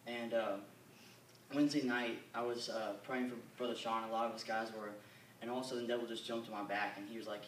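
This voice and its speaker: A young man giving an earnest, halting church testimony full of fillers. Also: medium pitch, level tone, slight background noise. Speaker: youth camper giving a testimony. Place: church or camp meeting hall. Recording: echoey hall, mic at a distance.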